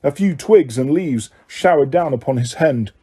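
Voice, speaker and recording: A man narrating an audiobook in a steady storytelling manner. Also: a little high, normal speed, husky. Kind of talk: scripted narration.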